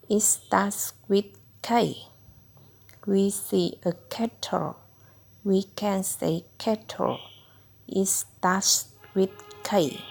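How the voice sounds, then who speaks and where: A woman slowly reading out a children's phonics book word by word, tutoring a child. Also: mid-range voice, gravelly. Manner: slow, deliberate word-by-word reading. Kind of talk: slow phonics read-aloud for a child.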